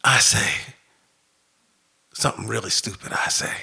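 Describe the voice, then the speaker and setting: A man telling a personal story live on stage, animated and laughing through it. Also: lowish voice, measured pace, creaky, breathy edge.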